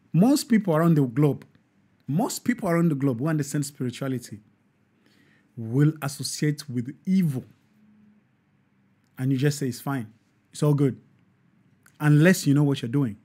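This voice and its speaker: A man hosting a live online show, talking in an animated, preachy way with frequent restarts and self-corrections. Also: a little high, slightly rough. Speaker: host.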